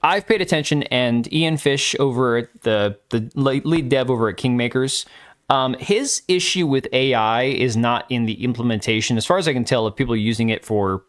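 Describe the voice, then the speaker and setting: A man's voice: mid-range voice, normal speed. Blunt, crude male streamer. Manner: blunt, opinionated, crude, talks back to chat. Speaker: live stream host. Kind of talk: casual live stream commentary, reacting to chat.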